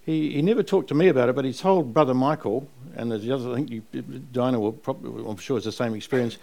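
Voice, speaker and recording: Talking live on stage about his family memoir, the older New Zealand author rattles off rambling, animated stories, laughing along the way. His mid-range voice is gravelly and fast.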